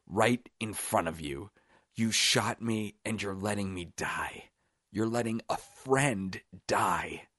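Ein Mann spielt einen sterbenden schottischen Mann. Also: male voice, on the low side, a bit bright, breathy edge, dry recording, clean studio sound, full character voice. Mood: dying plea. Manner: weak, pleading, slow. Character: dying Scottish man, a pleading thief.

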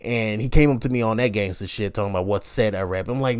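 A man's voice: fairly low pitch, fast, hardly any pauses, clean tone. A young man hosting a podcast, telling a story in a casual slangy rant and acting out the people he quotes. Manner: animated, slangy, acts out quoted lines with laughs. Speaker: podcast host.

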